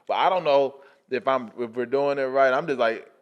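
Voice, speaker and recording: A man hosting a podcast in casual chat, chiming in often with quick agreement. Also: medium pitch, muffled recording. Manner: eager interjections, many quick "yeah"s. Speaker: podcast host.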